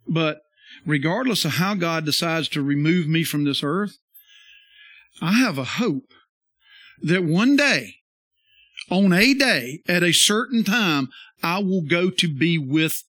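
A man preaching a sermon as pastor, folksy and conversational, repeating phrases and rising to emphatic loud bursts. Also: a little high, expressive, slow, pauses often, dry recording.

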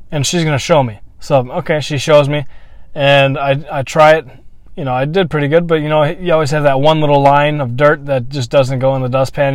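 Man, fairly high voice, dry close sound; blunt, swearing, reflective storyteller. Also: no echo. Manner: candid, blunt, swears freely; reflective, halting with restarts. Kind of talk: personal storytelling monologue.

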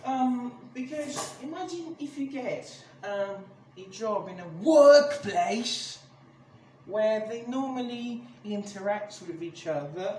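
High-voiced man ranting angrily on a podcast. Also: expressive, slow pace, darkish tone. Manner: angry, swears a lot, many restarts. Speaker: podcast host. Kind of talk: casual ranting monologue. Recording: echoey room with clear background noise.

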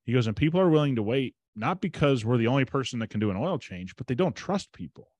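A man's voice: mid-range voice, lively intonation, fast talker, darkish tone, slightly rough, dry recording. A man hosting a podcast, telling a story in a casual, emphatic way and retelling conversations as quoted dialogue. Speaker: podcast host.

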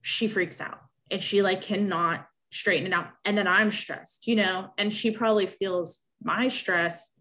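A young woman talks through a personal story in a loose, chatty way. She gets emotional, rambles, and keeps restarting her sentences. Her voice sits at an ordinary middle pitch for a woman. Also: fairly even intonation, measured pace, hardly any pauses, pushed and bright.

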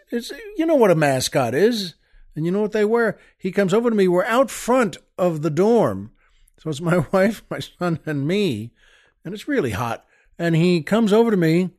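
A middle-aged man hosting a show, telling a comic story in a wry, exasperated way. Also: sits high. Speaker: podcast host.

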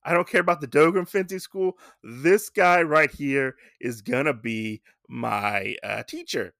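A man's voice: medium pitch, measured pace, creaky, fairly bright tone, dry recording, studio quality. A man voicing an eager, determined young male rabbit who wants to train with a sword master, talking insistently.

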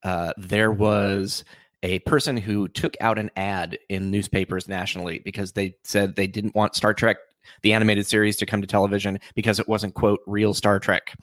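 A man co-hosting a podcast in casual chat, halting and joking, laughing often. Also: on the low side, little pitch movement, no room sound. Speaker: podcast co-host.

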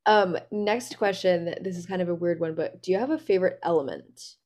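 A woman's voice: lowish voice, brisk, a little mellow. Chatty, enthusiastic woman podcast host. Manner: enthusiastic, chatty, many "like" fillers. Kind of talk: casual interview chat.

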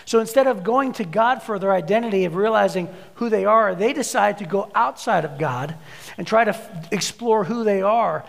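A male pastor delivering a sermon in a high, gravelly voice, weaving in stories and putting on voices for the people in them. His words carry a long reverb, as if spoken in a large hall. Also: normal speed. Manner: storytelling, acts out voices in anecdotes.

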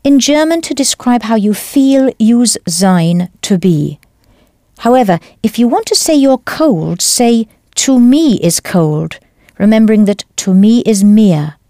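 A woman teaching a language lesson in a clear, careful scripted delivery, spelling out words as she goes. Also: on the high side, animated, measured pace, warm tone, dry recording, clean studio sound.

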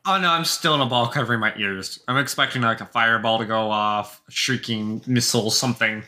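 A man's voice: mid-range voice, a little fast, pushed and bright. A man playing a tabletop game, chatting in a playful, jokey way. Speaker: player. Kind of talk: casual tabletop game chat.

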